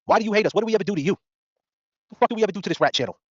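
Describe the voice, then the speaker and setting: Host: fast, higher-pitched guy in his forties, combative and mocking, on dull dry lo-fi audio. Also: animated, no room sound. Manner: confrontational, mocking, rapid-fire questions. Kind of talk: heated podcast rant.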